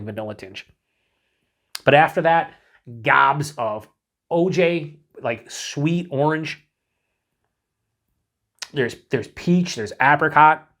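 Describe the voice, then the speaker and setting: A man's voice: mid-range voice, a bit bright. A man casually reviewing a beer on his own channel, rambling and mocking himself, with some swearing.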